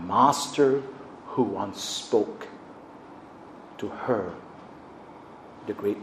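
A man preaching a sermon in an auditorium, swinging between loud emphasis and hushed, drawn-out phrases. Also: lowish voice. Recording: roomy echo, faint background noise.

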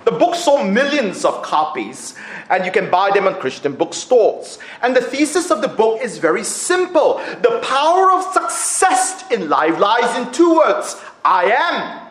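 A man's voice: high voice, a little slow. A man preaching a sermon, acting out quotes with laughs. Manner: animated, acts out quotes with laughs. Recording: echoey room.

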